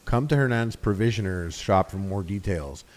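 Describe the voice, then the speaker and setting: A man's voice: lowish voice, animated, moderate pace. A man livestreaming a game with casual, profane, joking commentary, often mimicking the characters.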